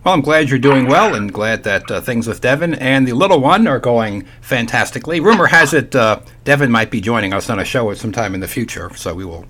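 A man's voice: medium pitch, animated, fairly quick, hardly any pauses, fairly bright tone, slight background noise. An older man hosting a casual radio talk show, folksy and chatty with playful asides.

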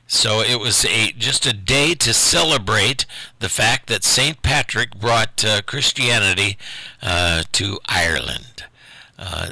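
A man's voice: lowish voice, pushed and bright, no echo. An older man from Ohio hosting a local call-in radio show, rambling in a chatty, self-deprecating way. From Ohio, USA. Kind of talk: casual radio chat.

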